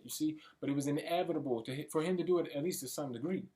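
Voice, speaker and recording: A young man talks through his goals in a loose, rambling motivational monologue, as if thinking out loud. His voice sits in an ordinary middle pitch, and his delivery is casual, with the odd swear word. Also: quick pace, few pauses. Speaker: vlogger. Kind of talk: motivational self-talk monologue.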